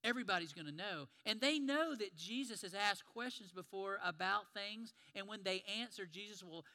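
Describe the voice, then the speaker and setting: A man's voice: high-pitched, moderate pace, bright, forceful tone, long reverb tail. A man preaching a sermon in a conversational storytelling way, retelling scenes and acting out the lines.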